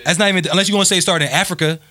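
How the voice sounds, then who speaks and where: A man's voice: high voice, racing, crowd noise. A young man, arguing his point insistently in a casual podcast chat and repeating himself.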